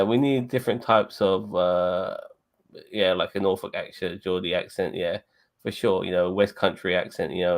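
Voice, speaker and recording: Rambling, low-voiced man. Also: gravelly. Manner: rambling, swears often, many "you know what I mean" fillers. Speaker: podcast co-host. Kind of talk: casual TV review chat.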